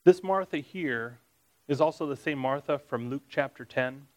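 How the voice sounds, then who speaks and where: A man's voice: medium pitch, normal speed, poor audio. Conversational man teaching a Bible study. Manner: reads scripture aloud, then explains it conversationally with asides; asks the listeners questions.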